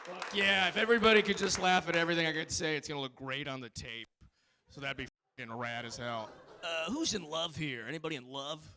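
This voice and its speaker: A man's voice: on the high side, a little fast, bright, forceful tone. A man in his thirties doing a loose, profane stand-up set on a live comedy stage into a handheld mic. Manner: loose, profane and rambling, with frequent filler restarts.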